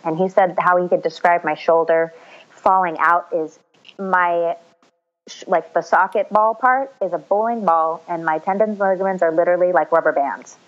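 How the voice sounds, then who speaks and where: A woman's voice: fairly low pitch, moderate pace, dull audio. A young woman in casual chat, speaking candidly, swearing freely and acting out what others said.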